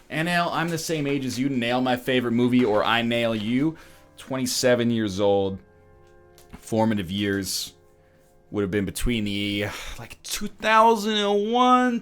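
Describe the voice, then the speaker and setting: Man, streamer, joking, sarcastic, animated pitch. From Canada. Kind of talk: casual gaming stream chat.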